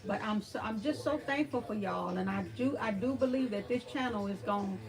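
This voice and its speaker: A woman's voice: medium pitch, normal speed, creaky, crowd noise. A woman with a Southeast Texas country accent hosts a live stream, answering the chat in a folksy way and calling viewers honey and girl.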